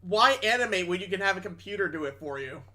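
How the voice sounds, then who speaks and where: A man's voice: sits high, animated, fast talker, bright, forceful tone. A young man streaming games, chatting casually in a blunt, sarcastic way. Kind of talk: casual chat.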